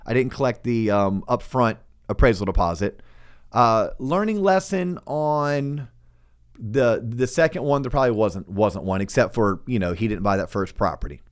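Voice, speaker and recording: A middle-aged man hosting a podcast, telling a work story in a casual, animated way, acting out the voices he quotes, with stammered restarts. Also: medium pitch. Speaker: podcast host and loan officer.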